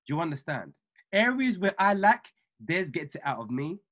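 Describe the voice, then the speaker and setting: A man giving an emphatic, repetitive motivational talk to his trading mentees over a video call, building from calm to fiery. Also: a little high, moderate pace. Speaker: trading mentor.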